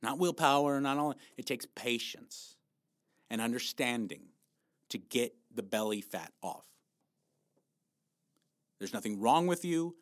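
A man at an ordinary pitch for his sex talks frankly about losing body fat, swearing often and punching his words with emphasis. His delivery is blunt and motivating, as he keeps pushing his listeners to keep going. The recording is close and dry, with no room sound. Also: expressive, a little slow, pauses often, no room sound. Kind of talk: motivational fitness talk.

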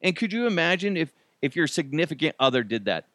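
A man hosting a comedy podcast, riffing in an animated, jokey way with mock outrage and silly voices. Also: on the high side, fast, no echo. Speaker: podcast host.

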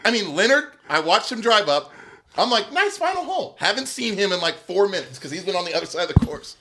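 A man's voice: high voice, fast. A man telling a story in casual chat, laughing often and acting out what people said. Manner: animated, laughing, acts out quotes.

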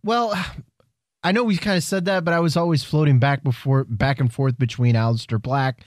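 A man's voice: medium pitch, normal speed, no room sound, studio quality. A man co-hosting a podcast in casual chat, teasing and joking, often firing questions back. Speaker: podcast co-host.

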